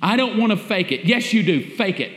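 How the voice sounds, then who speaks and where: A man's voice: high voice, lively intonation, a little fast, a bit bright. A man preaching a sermon as pastor, emphatic and repetitive, with rhetorical questions to the congregation. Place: church sanctuary. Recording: echoey church hall.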